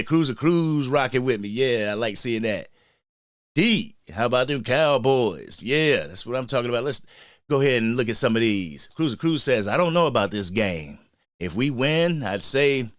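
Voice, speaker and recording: A man hosting a sports fan livestream in a casual, hyped way, shouting out people in the chat. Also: medium pitch, no room sound, clean studio sound. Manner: hyped, shout-outs to chat, frequent slang.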